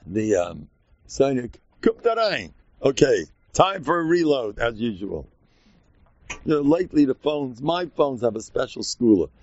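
A man teaching a Torah class in a lively way, acting out quoted voices and laughing often. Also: mid-range voice, vocal fry, slightly rough, dry recording, dull audio.

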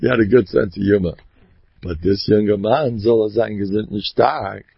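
A man's voice: moderate pace, vocal fry, husky, no room sound, muffled recording. A man giving a folksy religious storytelling talk, mixing in Yiddish and Hebrew words and acting out the people in his stories. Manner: animated, acts out voices with big pitch jumps.

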